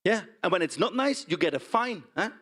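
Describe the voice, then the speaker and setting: An actor with a Dutch accent plays a blunt, indignant pig farmer in a stage monologue, often tagging lines with "huh?" and "right?". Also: male voice, sits high, fairly quick. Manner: blunt, animated storytelling with frequent "huh?" and "right?" tags. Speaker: stage performer. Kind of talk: theatrical monologue.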